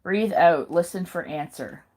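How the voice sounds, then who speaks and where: A woman reading handouts aloud in a careful, halting way, pausing and correcting herself now and then. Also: fairly low pitch, noisy background. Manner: slow careful reading with pauses and self-corrections. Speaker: video maker.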